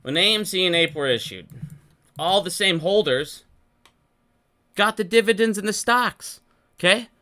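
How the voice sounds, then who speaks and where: Frustrated market commentator, bright edge, swearing, unscripted rant. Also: mid-range voice, expressive. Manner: heated, profane, fast-talking rant. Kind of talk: unscripted solo rant to viewers.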